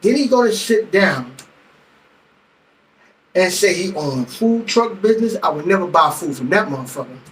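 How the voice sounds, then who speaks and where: Heated high-voiced middle-aged man venting. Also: lively intonation, normal speed, pauses often, fairly bright tone, distant mic, a little hiss or hum, poor audio. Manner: heated, profane storytelling, acts out both sides of the argument. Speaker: vlogger. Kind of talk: venting monologue.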